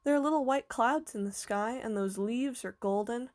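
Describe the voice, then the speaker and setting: A woman reading aloud voices a shy, eager young girl with a soft, earnest way of talking. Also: fairly high pitch, normal speed, lightly acted.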